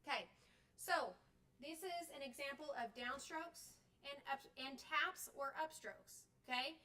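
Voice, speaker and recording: In a workshop room, a middle-aged woman clinician leads a live demonstration for band directors, recorded from off the mic. Her voice is high, pushed and bright, and she moves unhurriedly step by step, checking in with "okay?" and "right?" after each point.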